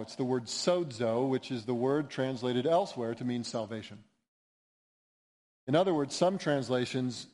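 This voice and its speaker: A man's voice: medium pitch, darkish tone. A man preaching a sermon in an earnest, emphatic way, building to rising appeals. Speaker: pastor.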